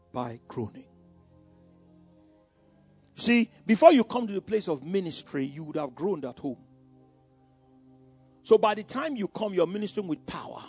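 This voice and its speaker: A man preaches with a high, lively voice that leaps between near-whispers and shouts, drawing call-and-response from his listeners. The sound is dry and close, with faint music underneath. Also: slightly rough, no room sound. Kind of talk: sermon.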